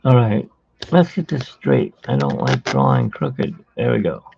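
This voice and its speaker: A man's voice: a bass voice, huge pitch swings, unhurried, creaky, a little mellow, slightly rough, no echo, lo-fi sound. A tired man who got little sleep, hosting a live drawing stream and chatting casually in a rambling way as he works. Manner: rambling storyteller, hums while working.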